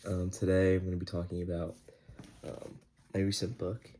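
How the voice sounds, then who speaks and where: A man's voice: deep voice, little pitch movement, moderate pace, dark tone, a little hiss or hum. A young man giving a casual, rambling book review, full of slang and filler words.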